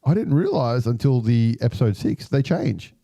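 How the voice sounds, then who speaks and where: A man with a deeply mellow, dark voice chats easily on a podcast and shares details and theories. His delivery is relaxed, and the recording is dry and close. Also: normal speed, dry recording. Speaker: podcast co-host. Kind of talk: casual chat.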